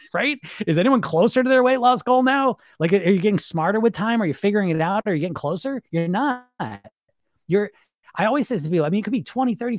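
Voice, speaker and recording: A fairly high-voiced middle-aged man talks as a weight-loss coach in a loose, emphatic monologue. He stacks fillers, throws questions at the listener and swears casually. The sound is close and dry, with no room in it. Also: darkish tone, no echo. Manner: chatty, emphatic, repeats fillers, swears casually, laughs often.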